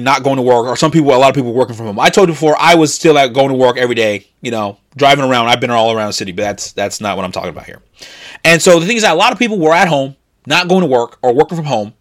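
A man hosting a solo commentary show, ranting and repeating himself as he reads and reacts to news items. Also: sits high. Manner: ranting, repetitive, rising to loud indignant peaks.

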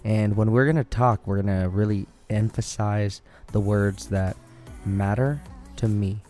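A man's voice: fairly low pitch, fairly even intonation, a little slow, warm tone, soft background music. A young man vlogging on his own, upbeat and grateful, rambling with many fillers, speaking very close to a mic in a small room. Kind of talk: casual solo monologue. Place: indoors, small room with a fan nearby. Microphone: studio mic held very close to the mouth.

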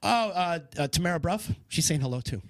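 A man's voice: a little high, expressive, fairly quick, no echo, clean studio sound. A man hosting a casual radio show, joking and reading out viewer comments. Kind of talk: casual studio chat.

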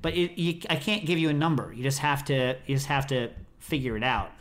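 A man's voice: medium pitch, a little fast, a bit bright. A middle-aged American man hosting a podcast, chatting casually in a rambling, self-interrupting way. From United States. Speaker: podcast host.

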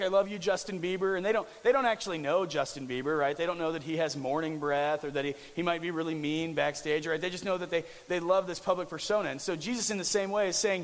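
A man's voice: on the high side, steady tone, quick pace, few pauses, big-room sound. A young man preaching a casual, conversational sermon as pastor, with restarts and jokey asides.

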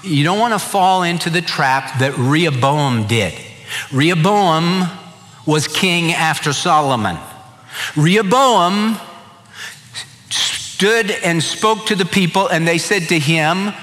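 A man's voice: on the high side, takes it slowly, fairly bright tone. A middle-aged male pastor preaching a sermon with folksy, humorous storytelling. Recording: reverberant church hall.

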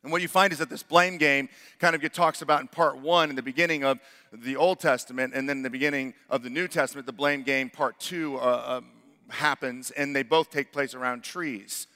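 A man's voice: medium pitch, steady tone, fairly quick, bright, forceful tone, in a large hall. A man preaching a sermon as pastor, earnest, building to emphatic rhetorical questions.

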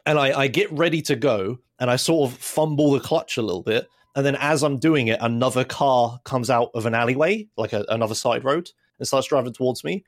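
A young man telling a rambling, animated story on a casual podcast. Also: medium pitch, brisk, hardly any pauses. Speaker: podcast host.

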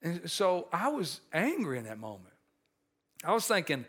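A man preaching a sermon, telling a personal story with many restarts and repeated words, moving between animated and quiet, earnest passages. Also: sits high, normal speed, slightly rough. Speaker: pastor.

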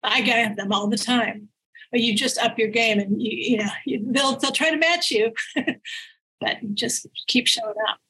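A woman, an author being interviewed, telling stories in an animated way and laughing often as she talks. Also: on the high side, unhurried, slightly rough, low-quality recording. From United States. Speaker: author guest. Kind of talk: casual interview storytelling.

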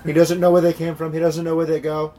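A man's voice: fairly high pitch, monotone, fast, dark tone, slight background noise, close to an everyday voice. A man doing a comic impression of a blustering older male politician who repeats his lines. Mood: mocking. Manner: blustering, repetitive. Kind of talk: comic impression in podcast banter.

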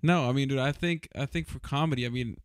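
A man's voice: medium pitch, fast, clean tone, no room sound, studio quality. A young man in casual chat who keeps pushing his friend with teasing questions.

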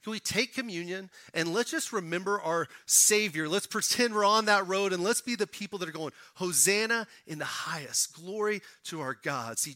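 A man's voice: on the high side, bright, forceful tone, dry recording. A man preaching a sermon to his church, acting out quoted voices as he goes. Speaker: pastor.

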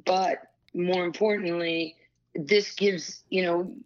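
A woman's voice: fairly low pitch, slow, muffled recording. A woman in her sixties, a former pro basketball player and broadcaster, telling candid stories as an interview guest with lots of asides and restarts. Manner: animated storyteller, many asides and restarts. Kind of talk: candid storytelling conversation.

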